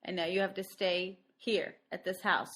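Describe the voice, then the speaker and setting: A woman co-hosting a podcast, chatting casually and laughing easily as she talks over a film. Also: on the low side. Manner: lively, chatty, quick to laugh. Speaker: podcast co-host. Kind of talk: casual movie-review chat.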